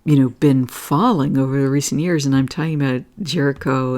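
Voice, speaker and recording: Low, mellow woman rambling about energies. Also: fairly even intonation, moderate pace, few pauses. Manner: rambling, full of fillers and "okay?" check-ins; earnest, gets emotional. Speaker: astrology and energy reading host. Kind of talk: casual spiritual talk over charts.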